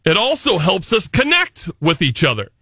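A man's voice: high voice, huge pitch swings, moderate pace, bright, forceful tone, husky, no room sound, clean studio sound. A male morning radio host bantering with his co-host in a playful, teasing, mock-dramatic way. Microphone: studio microphone.

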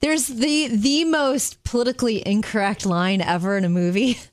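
A woman's voice: fairly high pitch, fairly even intonation, moderate pace, no echo. Chatty woman co-host, dry studio mic. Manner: chatty, teasing. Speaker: radio show co-host. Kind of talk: casual faith radio chat. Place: radio studio.

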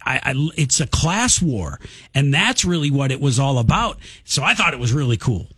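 A man's voice: medium pitch, very animated, moderate pace, fairly bright tone, husky, no echo. A man co-hosting a radio show, chatting with enthusiasm. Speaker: radio co-host. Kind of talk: casual radio talk.

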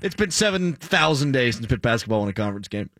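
A man's voice: medium pitch, sing-song, fast, over loud music. A man hosting a radio show, cracking sarcastic jokes in casual banter. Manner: wisecracking, sarcastic.

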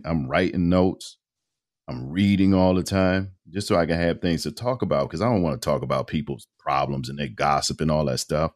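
A man in his fifties, a radio host and voice-over artist, telling his story in a casual, animated interview with colloquial phrasing. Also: extremely low pitch. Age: 50s.

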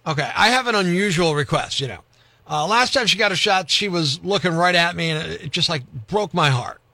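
Bright, high-voiced radio host. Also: male voice, fairly quick, no echo. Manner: pushy, argumentative and deadpan. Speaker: radio host and prank caller. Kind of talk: radio prank call and news reading. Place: radio studio.

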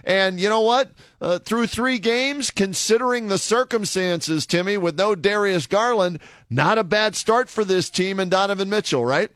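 A man's voice: high voice, moderate pace, a bit bright, no room sound. A man hosting a sports talk radio show in the studio, joking and fumbling for names.

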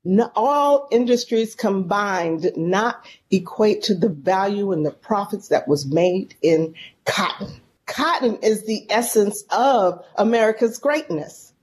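A woman from San Francisco, a guest in an interview, telling a story in a folksy, animated and emotional way. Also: medium pitch, slow pace, slight background noise. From San Francisco, California. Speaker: podcast guest, professor.

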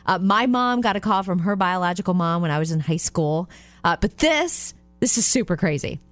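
A woman co-hosting a talk show, telling stories in a lively way and laughing often. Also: on the low side, normal speed, no echo, faint music behind. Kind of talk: casual chat.

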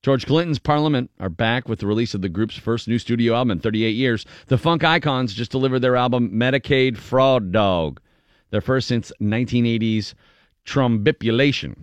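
A man's voice: medium pitch, normal speed, no room sound. A man hosting a casual radio show, reading entertainment headlines and joking, laughing often. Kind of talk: casual news banter.

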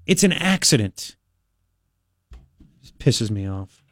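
A man's voice: medium pitch, very animated, slow pace, no room sound. A man hosting a talk radio show, ranting bluntly and with exasperation in studio commentary.

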